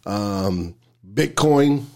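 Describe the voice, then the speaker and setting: A man's voice: fairly low pitch, animated, drawn-out words, a little mellow. A man co-hosting a church podcast in a laid-back, rambling casual chat. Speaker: podcast co-host.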